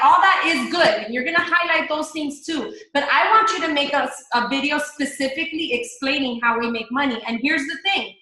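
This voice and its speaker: A woman's voice: high-pitched, bright, forceful tone, very echoey, low-quality recording. A woman in a chatty, upbeat coaching talk on a live video call, speaking straight to her team. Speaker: network marketing coach.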